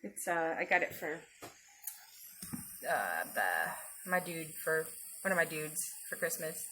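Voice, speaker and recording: A woman talks her viewers through her cooking on a livestream, chatty and quick to giggle. Her pitch swings widely while her pace stays slow and unhurried. A faint hum of the room sits behind her voice. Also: very animated, pushed and bright. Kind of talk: casual cooking livestream chat.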